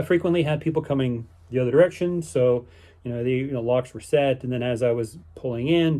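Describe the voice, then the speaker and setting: A man's voice: medium pitch, a little mellow. Rambling man recapping his day. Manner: rambling, with many fillers and restarts; easygoing and upbeat. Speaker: vlogger on a canal boating holiday. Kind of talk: casual spoken recap.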